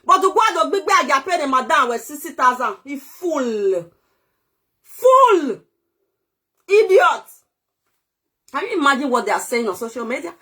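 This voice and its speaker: Very high-pitched ranting Nigerian woman. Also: lively intonation, fast talker, hardly any pauses. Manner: loud, scolding, swings between shouting and low muttering. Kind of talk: ranting monologue to camera.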